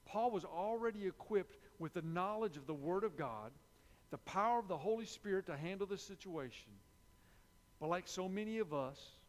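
A man's voice: on the high side, long reverb tail. A man preaching a sermon, repeating key phrases with emphasis and dropping into confessional asides.

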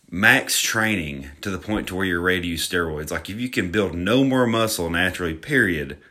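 A man's voice: low voice, sharp tone. A young man from Alabama with a Southern drawl, hosting a casual fitness podcast and joking at his own expense. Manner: joking, self-mocking, rambling with restarts. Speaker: podcast host.

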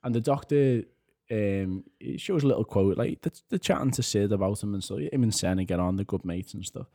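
Low-voiced man chatting on a podcast. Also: brisk. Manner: chatty and animated, laughs often. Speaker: podcast co-host. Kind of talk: casual chat.

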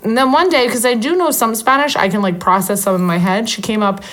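A woman's voice: on the high side, fairly quick, a bit bright. A young woman co-hosting a podcast, chatting casually and rambling with frequent self-corrections. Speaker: podcast co-host. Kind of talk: casual chat.

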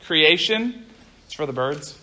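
A young man with a high voice preaches a casual youth sermon. He talks fast and chatty, often breaking off mid-sentence to restart. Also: animated, pushed and bright. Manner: fast-talking, chatty, self-interrupting. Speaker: youth pastor. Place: room with a group of listeners.

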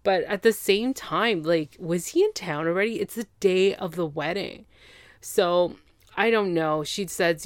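A woman's voice: lowish voice, a little slow, dry recording, clean studio sound. A woman hosting a podcast, casually recapping reality TV in an opinionated, gossipy and exasperated way.

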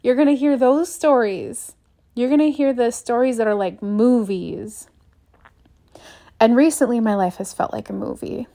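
A woman's voice: on the high side, measured pace, gravelly, warm tone. A young woman hosting a solo motivational podcast, talking earnestly and upbeat, acting out small quoted scenes as she goes. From United States. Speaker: podcast host.

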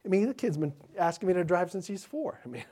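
A high-pitched, fast-talking middle-aged pastor shares stories with children during a children's sermon. His manner is animated and chatty, with many restarted sentences.

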